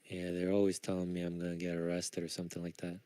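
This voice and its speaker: Low-voiced laid-back man on voice chat. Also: completely flat delivery, quick pace, mellow, smooth, no room sound. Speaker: trader on a live trading stream. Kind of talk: casual group chat.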